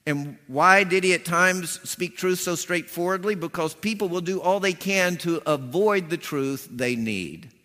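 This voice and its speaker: Male preacher, lively storyteller who acts out scenes, bright forceful tone, big reverberant church sound. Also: high-pitched, measured pace, few pauses. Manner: animated storytelling, acting out voices with punchy emphasis. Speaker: pastor. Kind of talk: sermon. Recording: long hall reverb.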